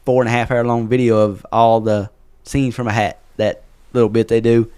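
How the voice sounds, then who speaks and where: A man's voice: mid-range voice, flat delivery, moderate pace, darkish tone, clear, resonant tone. A man co-hosting a podcast in casual chat, chatty and full of fillers. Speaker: podcast co-host.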